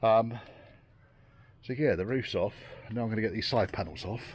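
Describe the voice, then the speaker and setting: A man's voice: lowish voice, moderate pace, noisy background. Weary man muttering while working outdoors. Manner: muttering, swears freely, dry self-deprecating asides. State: tired and soaking wet. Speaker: classic car restorer vlogger. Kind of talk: casual workshop commentary. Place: outdoor yard in the rain.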